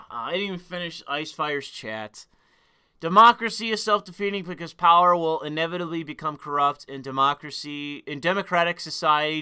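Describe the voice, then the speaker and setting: A male streamer holding forth on a live stream and snapping back at his chat, swearing as he goes. His voice sits high and sounds bright and sharp. The tone is smooth and clear throughout. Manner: profane, combative, quick to argue with chat.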